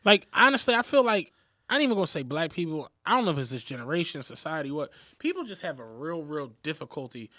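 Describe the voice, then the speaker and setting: A man's voice: fairly high pitch, sing-song, quick pace, bright, forceful tone, no room sound, studio quality. A man co-hosting a podcast, chatting casually and telling stories in loose, profane slang. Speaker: podcast co-host. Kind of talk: casual chat.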